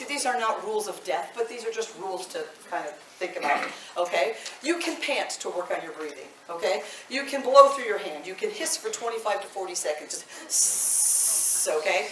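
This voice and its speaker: A woman in her fifties, a voice teacher leading a live vocal workshop, chatty and animated, laughing often. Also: mid-range voice, slight background noise. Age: 50s. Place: indoor workshop room. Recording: echoey room, mic at a distance.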